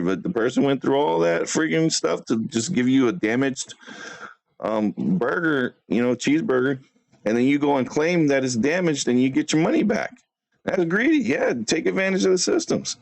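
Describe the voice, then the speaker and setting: A man's voice: fairly high pitch, animated, moderate pace, creaky, no room sound. A man hosting a livestream, talking casually and brashly to chat, trash-talking a rival and laughing often. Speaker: livestream host.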